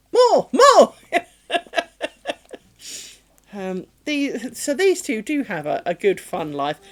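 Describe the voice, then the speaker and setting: A chatty woman streaming from home while she crafts. Her pitch swings up and down a lot as she rambles through stories, then sinks soft and low whenever she talks to her pets. Faint music plays behind her. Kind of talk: casual chat while crafting.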